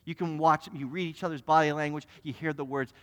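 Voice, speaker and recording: High-voiced man preaching in a hall. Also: fairly even intonation, fast talker, a bit bright. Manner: repetitive restarts, acting out little scenes. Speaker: pastor. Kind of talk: sermon. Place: church sanctuary. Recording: long reverb in a church hall.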